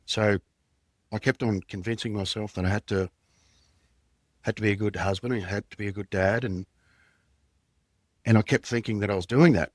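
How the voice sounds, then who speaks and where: A man in his fifties with an Australian accent recalls his past as a former undercover detective. His voice sits low, and the sound is close and dry with no room around it. He talks plainly and rambles a little, dropping in casual slang. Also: fairly even intonation, moderate pace, pauses often, no room sound. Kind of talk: candid storytelling in conversation.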